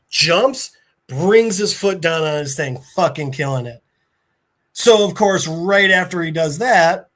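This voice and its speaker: A man hosting a podcast, recapping a story in a casual, animated and profane way. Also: high-pitched. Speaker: podcast host.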